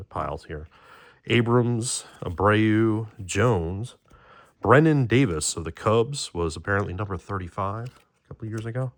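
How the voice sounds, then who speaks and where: A man's voice: lowish voice, a bit bright. A man hosting a card-opening video, rambling casually as he reads off player names and talks to his pet. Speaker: card-breaking channel host. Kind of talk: casual pack-opening chat.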